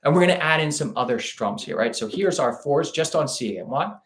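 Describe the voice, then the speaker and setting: A man teaching a live online ukulele lesson in a relaxed, chatty way, scatting rhythms aloud as he demonstrates. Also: on the high side, fast, roomy sound, a little hiss or hum. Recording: ukulele playing loudly behind the voice. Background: ukulele playing.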